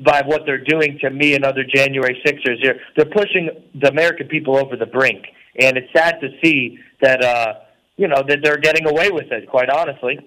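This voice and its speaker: A man calling in to a radio show from a prison cell. He talks earnestly and at a mid pitch, preaching at times. His speech is loose and full of fillers. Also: fairly even intonation, brisk, bright, forceful tone, rough recording. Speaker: guest calling in. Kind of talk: interview on talk radio.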